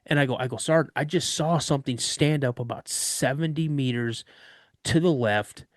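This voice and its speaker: A man guest on a podcast, telling a story of an encounter in an animated way and acting out other people's voices. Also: mid-range voice, moderate pace, dry recording, studio quality.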